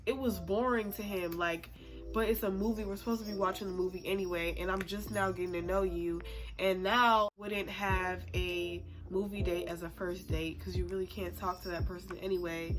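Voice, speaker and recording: A young woman vlogger telling a personal story in a chatty, expressive, slangy way. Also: fairly low pitch, normal speed. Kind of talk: casual storytime. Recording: music playing under the voice.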